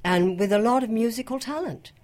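A woman's voice: fairly high pitch, animated, fairly quick. Older woman gushing with enthusiasm. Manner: warm enthusiasm, gushing praise. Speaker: guest actress. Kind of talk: casual radio chat.

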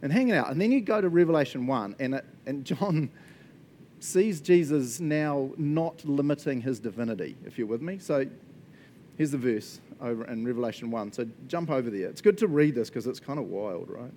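A man preaching a casual, conversational sermon, animated and chatty, often checking in with his listeners. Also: mid-range voice, normal speed, a little hiss or hum. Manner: animated and chatty, frequent laughs and "right?" check-ins.

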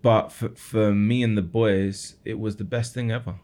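Earnest low-voiced man telling his story. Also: steady tone, normal speed, darkish tone. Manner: earnest, with frequent restarts and repeated words. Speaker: guest musician. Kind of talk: storytelling interview answers.

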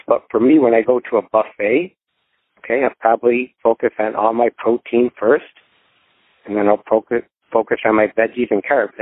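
A man with a fairly low voice shares casually at a recovery meeting. He explains his points with everyday examples. The sound is thin and tinny, like a phone call. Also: no room sound. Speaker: meeting participant.

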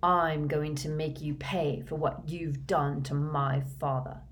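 Spiteful schoolboy bully read by a woman, low and hushed, menacing, slow and drawn out. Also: fairly even intonation, a little hiss or hum.

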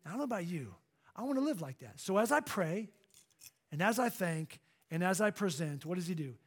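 A middle-aged man preaching a sermon to a congregation in a church hall, emphatic and swinging from loud to hushed. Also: high-pitched, very animated, fairly quick, husky. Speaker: pastor.

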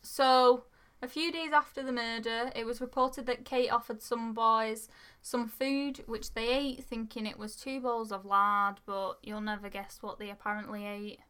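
A woman with a bright, crisp voice hosts a casual true-crime chat. She walks through the case notes in a relaxed way and breaks into laughter often. Her tone stays easy and conversational. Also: a little high, unhurried. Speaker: podcast co-host.

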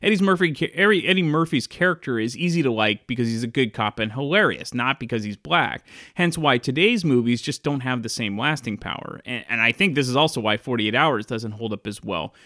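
A man's voice: mid-range voice, animated, a little fast, pushed and bright, no echo, studio quality. A man hosting a casual film review, talking in a chatty, enthusiastic way. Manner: chatty, enthusiastic, with frequent restarts. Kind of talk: casual commentary.

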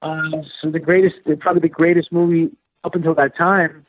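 A man telling an animated, filler-heavy story about his acting career, slipping into the voices of the people he quotes. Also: on the high side, fairly quick, no echo. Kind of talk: casual storytelling interview. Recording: dry, phone-like narrow sound.

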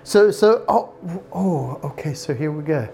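This is a pastor preaching at home in a loose, talky way, with a voice of middling pitch. The pastor keeps circling back with restarts and quick asides about straying from the notes. It sounds like a small home Bible study, not a big church. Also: lively intonation, vocal fry, dark tone. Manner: conversational preaching, frequent restarts and off-note asides.

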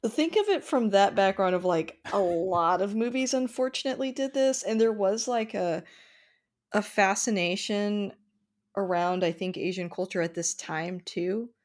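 A woman talks casually about old movies, with many fillers and easy laughter. Her voice sits in an ordinary middle pitch. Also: normal speed. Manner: conversational, hesitant fillers, laughs often. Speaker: podcast co-host.

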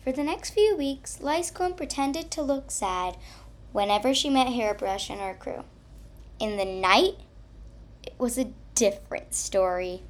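A woman reading a children's story aloud in a slow, expressive way. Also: a little high. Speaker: narrator.

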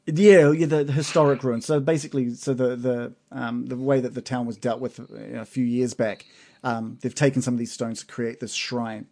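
A man running a tabletop game as game master, narrating in a halting way with many pauses, then speeding up. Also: medium pitch, flat delivery, gravelly, darkish tone. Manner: halting, many fillers and restarts, then quick bursts.

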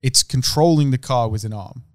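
A young man chatting casually on a podcast, swearing freely and rambling through stories in loose slang. His voice sits at an ordinary pitch, and the sound is dry and close, with no room around it. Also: moderate pace, dry recording. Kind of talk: casual chat.

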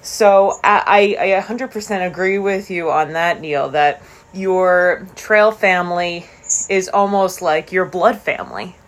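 Slow-talking woman podcast co-host. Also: fairly low pitch. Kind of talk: casual chat.

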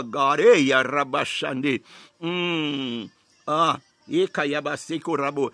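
A man's voice: on the high side, sharp tone, no room sound. A man preaching a sermon, filling his phrases with "hallelujah" and "ah, my God" and breaking into tongues.

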